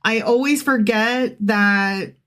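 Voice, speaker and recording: A woman's voice: on the high side, slow pace, fairly bright tone. Sex: woman. Role: podcast co-host. Style: casual scripture reading with commentary. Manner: sarcastic, irreverent, chatty.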